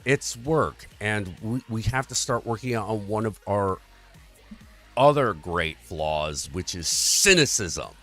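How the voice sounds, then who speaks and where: A man's voice: fairly low pitch, lively intonation, slow, fairly bright tone, faint music behind. A man hosting a livestream, in an earnest, rambling and profane rant about society. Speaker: livestream host. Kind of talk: casual political rant.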